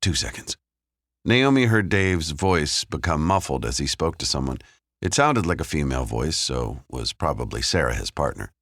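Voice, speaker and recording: A man reads a thriller audiobook in a measured, steady narrating voice. His voice is extremely deep. The studio sound is close and dry, with no room echo. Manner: measured, even storytelling. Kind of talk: scripted narration.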